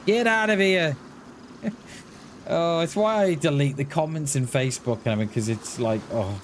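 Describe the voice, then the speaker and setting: A man streams a game and chats loosely with his viewers. He rambles, circles back and restarts his words. His voice sits a bit high, and clear background noise runs under the stream audio. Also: darkish tone. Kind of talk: casual chat while gaming.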